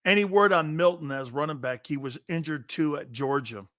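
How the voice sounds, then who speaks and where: A man hosting a sports talk show, brash and profane, arguing loudly with his co-host. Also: fairly high pitch, normal speed, no room sound.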